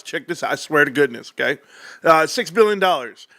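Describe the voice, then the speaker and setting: Hyped guy ranting stocks on his stream, bright voice, jumps high then drops low, swears and laughs a lot, dry close mic. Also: a little fast, no room sound. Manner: swings between loud excited outbursts and low muttered math. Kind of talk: excited livestream rant.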